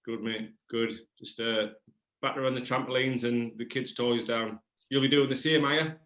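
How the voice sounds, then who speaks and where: A man's voice: medium pitch, steady tone, moderate pace, fairly bright tone. Easygoing male host. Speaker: podcast host. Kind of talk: casual podcast chat.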